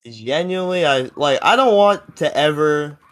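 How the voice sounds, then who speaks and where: A man's voice: on the high side, lively intonation, normal speed. A seventeen-year-old young man telling a story in a casual podcast chat, rambling and full of fillers. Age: teens. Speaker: podcast co-host.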